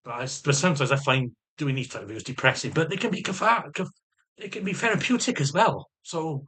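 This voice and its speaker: A man's voice: on the high side, quick pace, sharp tone, slightly rough. A man giving a ranting personal health update, swearing constantly and circling back over his words. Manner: swears constantly, rambling and repetitive; agitated, defensive rant. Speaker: vlogger.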